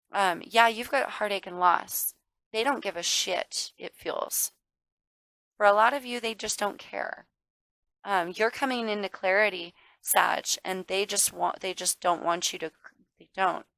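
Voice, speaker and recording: A tarot reader with a medium-pitched, creaky, slightly bright voice gives viewers a casual reading at a moderate pace. She's emphatic, calls the listener darling and baby, swears now and then, and gets worked up; the audio is poor, with no echo.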